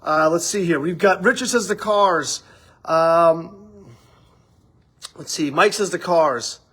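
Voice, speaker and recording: A man's voice: on the high side, takes it slowly, a bit bright, slightly rough. A man hosting a daily livestream, chatting loosely and rambling, with casual swearing. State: out of breath after running. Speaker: livestream host. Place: studio office with window.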